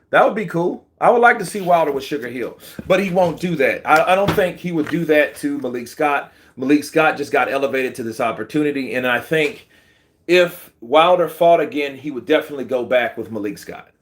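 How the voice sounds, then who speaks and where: A man hosts casual boxing commentary in a bright, sharp voice. He talks slangy and animated and answers viewer comments as he goes. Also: mid-range voice. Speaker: boxing channel host.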